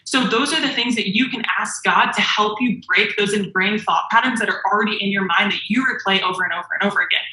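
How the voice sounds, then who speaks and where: A woman giving an earnest, preachy faith-based motivational talk. Her voice is bright and forceful. She was recorded in an echoey room. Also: medium pitch, quick pace, hardly any pauses. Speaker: motivational speaker.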